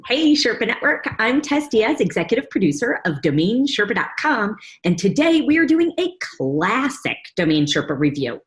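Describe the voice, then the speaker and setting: A woman's voice: on the high side, sing-song, normal speed, few pauses. A woman hosting and producing a panel talk show, chatty and upbeat, speaking over a video call. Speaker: host and executive producer.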